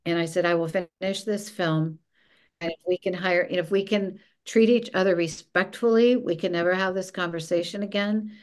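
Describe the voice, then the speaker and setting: A woman's voice: on the low side, moderate pace. A woman, a former film executive, telling a story as a podcast guest and acting out the dialogue she quotes. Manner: lively, acts out quoted dialogue. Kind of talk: casual storytelling interview.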